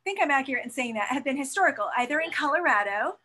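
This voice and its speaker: High, bright-voiced woman host. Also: animated, quick pace. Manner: encouraging, reads out audience comments. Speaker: interview host. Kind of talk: casual conversational interview.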